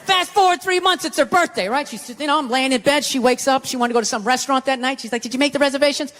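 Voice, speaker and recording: A middle-aged stand-up comedian with an extremely high, slightly bright voice talks quickly on a comedy stage before a live audience. He delivers an exasperated, profane ranting story packed with "right?" asides. The live recording has hall reverb, a little hiss or hum, and audience laughter.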